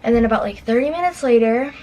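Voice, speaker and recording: A woman telling a personal story in casual chat, rambling with lots of fillers and acting out her past lines in a higher voice. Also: quick pace, dark tone, rough recording. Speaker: guest storyteller.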